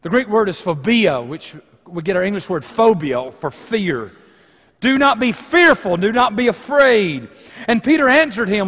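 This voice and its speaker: Male pastor, high-pitched, dynamic pulpit delivery in a reverberant church hall. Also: very animated, moderate pace. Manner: dynamic preaching, swinging between loud emphasis and hushed lines. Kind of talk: sermon. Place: church sanctuary.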